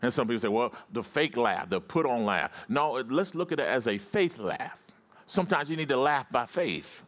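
A man preaching a sermon, telling stories and calling on the congregation to answer back, swinging from low storytelling to high rising exclamations. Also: animated, moderate pace, fairly bright tone. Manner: repetitive, call-and-response preaching.

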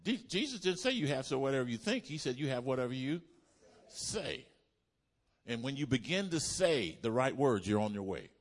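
A pastor preaching a sermon to his congregation, asking them to repeat lines back and building up to loud exclamations. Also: mid-range voice, big pitch swings, moderate pace. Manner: call-and-response preaching, builds to shouts. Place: church.

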